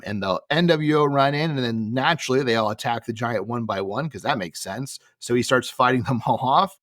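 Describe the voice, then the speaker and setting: A man with a mid-pitched voice co-hosting a casual podcast, recapping events with dry sarcasm. The sound is close and dry, with no room around it. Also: fairly quick, few pauses, no echo. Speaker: podcast co-host.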